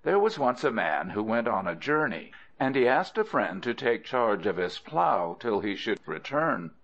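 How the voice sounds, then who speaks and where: A man narrating folk tales for an audiobook, expressive and adding playful asides to the listener. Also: lowish voice, moderate pace. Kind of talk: storybook narration. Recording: dull lo-fi audio.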